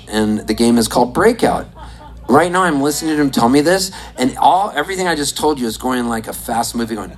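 A performer on stage telling a rambling, excitable story, often breaking into laughter. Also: medium pitch, poor audio. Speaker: comedian and musician on stage. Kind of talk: stand-up storytelling. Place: on stage at a desert venue.

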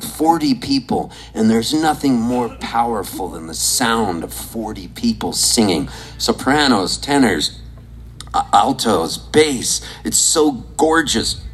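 A man in his sixties from Southern California, telling animated, laughing, profane stories from his childhood in a casual way. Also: mid-range voice, slow pace, poor audio. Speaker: storyteller. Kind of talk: casual storytelling.

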